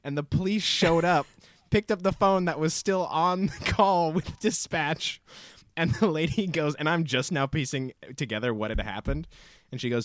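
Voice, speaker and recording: A man's voice: fairly high pitch, animated, moderate pace. A man co-hosting a podcast, telling a story casually with many ums and acted-out quotes. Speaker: podcast co-host.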